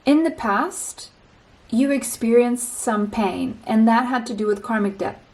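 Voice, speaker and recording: A woman giving a pick-a-card tarot reading, speaking straight to the listener in a slow, reassuring way and often repeating a phrase. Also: fairly high pitch, fairly even intonation, a little mellow, rough recording.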